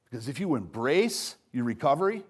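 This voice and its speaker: An older man giving a motivational speech, emphatic, with loud punchy lines that drop to soft, low asides. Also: sing-song, fairly quick. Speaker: speaker at a recovery event.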